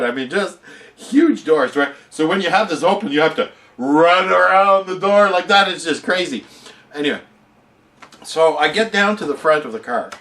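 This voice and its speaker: Man vlogger, lively rambling storyteller, a bit high-voiced, wide swings in pitch, self-mocking. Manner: animated, rambling storyteller who laughs at himself. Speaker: vlogger telling a personal story. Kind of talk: casual anecdote to camera.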